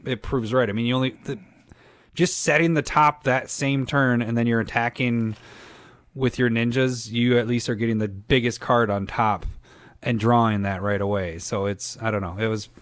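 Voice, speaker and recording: A man's voice: mid-range voice, fairly even intonation, moderate pace, a bit bright, no echo. Rambling, laughing man on a podcast. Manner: rambling, laughs often, many restarts. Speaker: podcast co-host. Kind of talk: casual chat about a card game.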